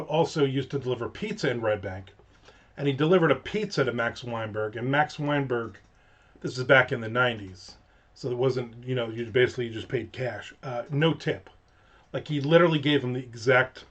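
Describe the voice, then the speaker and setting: A man's voice: medium pitch, moderate pace, long pauses. A man hosting a show, telling a long anecdote in a rambling, digressive way with casual profanity. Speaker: show host. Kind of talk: casual storytelling.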